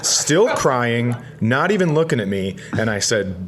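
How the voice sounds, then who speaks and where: A man co-hosting a podcast, telling a rambling comic story with self-mocking asides and deadpan punchlines. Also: medium pitch, measured pace.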